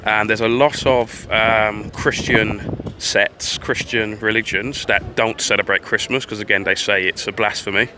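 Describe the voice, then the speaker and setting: A man's voice: lowish voice, steady tone, a little slow, sharp tone. A man livestreaming a rambling, profane commentary while walking outdoors on a town street. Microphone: phone livestream.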